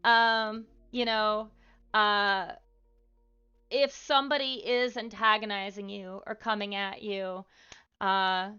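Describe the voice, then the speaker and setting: Brief: woman streamer, bright, smooth voice, chatty and filler-heavy, dull lo-fi audio with faint music. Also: medium pitch. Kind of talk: casual live-stream talk.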